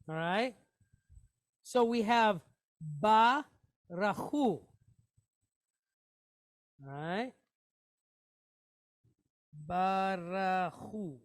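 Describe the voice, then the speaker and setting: A woman teaching a Hebrew reading lesson, patiently sounding out each syllable and repeating words aloud. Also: fairly high pitch.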